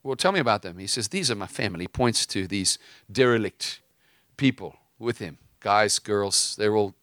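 A man's voice: on the low side, moderate pace, a bit bright, no echo, studio quality. A man preaching with fiery emphasis, mixing stories and casual asides with scripture. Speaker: preacher and host. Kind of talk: impassioned preaching.

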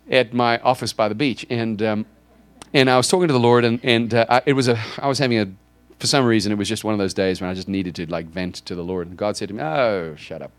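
A man's voice: mid-range voice, dry recording. A man, a pastor, telling a personal story in a sermon and acting out the conversations in it. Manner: animated, acts out dialogue with God in raised voices.

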